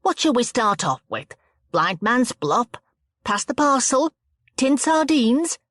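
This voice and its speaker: A woman voicing a bossy middle-aged mother running a children's party, brisk and scolding. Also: mid-range voice, breathy edge, dry recording, clean studio sound. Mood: cheery. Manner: brisk, scolding, then stern advice.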